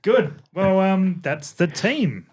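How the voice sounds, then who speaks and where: A man's voice: high voice, lively intonation, slow pace, darkish tone, husky. A man co-hosting a podcast in casual, joking banter, often restarting his sentences. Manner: joking, self-mocking, stumbling restarts. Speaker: podcast co-host.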